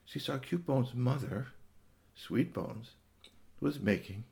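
A man's voice: medium pitch, animated, unhurried, creaky, darkish tone. Man telling a rambling children's story. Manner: rambling, with fillers and gasps.

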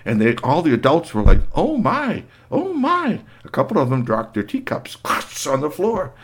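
A man telling an improvised story to a child, animated and playful, swinging from squeals to hushed tones. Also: mid-range voice, normal speed, slight background noise.

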